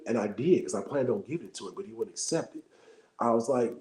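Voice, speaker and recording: Bay man, fast mellow delivery, casual livestream storyteller, keeps checking in with listeners, echoey room. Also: mid-range voice. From Bay Area, California. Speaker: livestream host.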